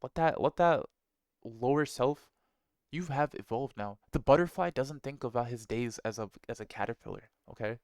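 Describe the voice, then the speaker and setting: A man's voice: mid-range voice, expressive, normal speed, darkish tone, no echo. A man giving a blunt, profane motivational talk, full of slang and rhetorical "right?"s. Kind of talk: casual motivational monologue.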